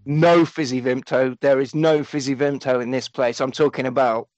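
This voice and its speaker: A man's voice: medium pitch, steady tone, normal speed, a little mellow, dry recording, dull audio. A man hosting a podcast, animatedly recapping a film with lots of swearing and acted-out quotes. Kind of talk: comedic film recap chat.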